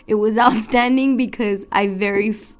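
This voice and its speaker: An American woman podcast co-host chatting casually, giggly and halting, often restarting her sentences. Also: medium pitch, steady tone, soft background music. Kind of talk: casual chat.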